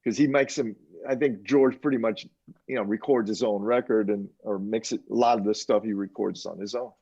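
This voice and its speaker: An older man, a mixing engineer, telling animated anecdotes in a casual interview and chuckling as he quotes others. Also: fairly low pitch, moderate pace, gravelly, breathy edge. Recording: dull lo-fi sound.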